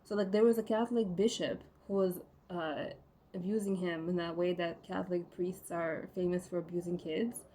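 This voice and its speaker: A woman's voice: fairly low pitch, steady tone, moderate pace, dark tone, slight background noise. A woman talking casually and bluntly to her viewers, rambling with constant "like" fillers and frequent swearing. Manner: rambling, heavy use of "like" fillers; profane, blunt.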